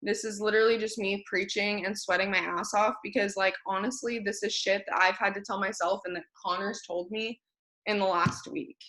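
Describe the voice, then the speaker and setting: A woman's voice: mid-range voice, fairly even intonation, moderate pace, sharp tone. A young woman leading her team on a video call, giving a blunt, tired pep talk with some swearing. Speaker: team leader.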